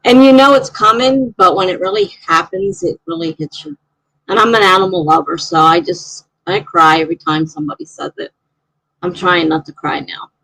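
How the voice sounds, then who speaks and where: A woman's voice: mid-range voice, normal speed, vocal fry, a bit bright, no room sound, low-quality recording. A woman hosting a live stream, chatting casually and reading out viewer comments in a rambling way.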